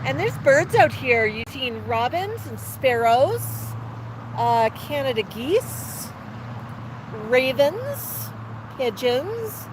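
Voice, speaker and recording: Speaking extremely slowly in a high, very animated voice, a woman hosts a live stream with her parrot on an outdoor patio. She chats casually, telling jokes and laughing, while faint street traffic hums in the background.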